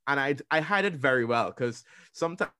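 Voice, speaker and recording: A young man tells a story in a casual chat, full of energy and acting out the other people's voices. His voice sits at an ordinary middle pitch. The sound is dry, with no room echo. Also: fairly quick, clear, resonant tone. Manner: animated, acts out quoted voices with big pitch jumps. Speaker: radio presenter and podcaster.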